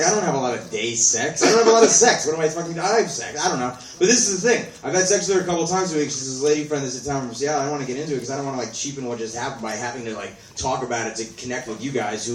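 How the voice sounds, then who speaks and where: A young man doing a rambling, self-deprecating stand-up set full of swearing, recorded on a phone from the audience. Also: mid-range voice. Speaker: stand-up comedian. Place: small comedy venue. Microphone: phone camera from the audience. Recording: echoey room, distant phone recording.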